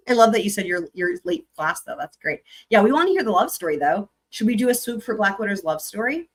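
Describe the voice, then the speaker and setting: A young woman talks off the cuff to a livestream audience, ranging from low mutters to sudden high squeals. She rambles, laughs, and swears without a filter. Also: brisk. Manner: animated, rambling, swears freely, laughs often. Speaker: livestream host. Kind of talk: casual livestream chat with viewers.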